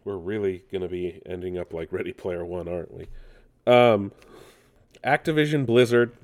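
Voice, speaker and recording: A man hosting a relaxed nerd news show, speaking in a slightly low voice. He rambles playfully and breaks off into jokey asides to himself. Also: moderate pace. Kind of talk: casual news chat.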